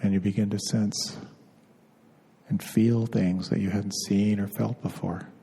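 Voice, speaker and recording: A man giving a dharma talk as a meditation teacher, gentle and unhurried, pausing often and repeating words as he searches for them. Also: on the low side, level tone, creaky, slightly rough. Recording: long hall reverb.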